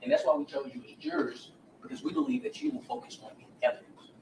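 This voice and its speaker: Picked up from a distance in a roomy courtroom with slight hiss or hum, this defense attorney addresses the jury in his opening statement. He talks fast in a very high, sing-song, slightly mellow voice, emphatic as he faces the jurors to recount witness accounts.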